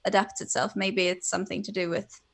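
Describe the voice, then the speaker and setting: Young woman, from Sweden, native Swedish speaker, chatty casual co-host, quick laughs, mid-pitched voice. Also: little pitch movement. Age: young adult. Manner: chatty, laughs easily, trailing restarts. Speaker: podcast co-host. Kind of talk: casual chat.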